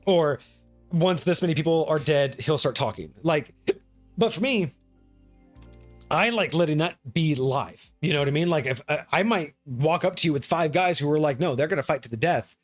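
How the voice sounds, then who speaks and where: Male host, slightly higher voice, lively casual chat that keeps slipping into mini impressions, faint music bed. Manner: animated, acts out quick snippets of players and guards. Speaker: host of a tabletop gaming live stream. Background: faint background music.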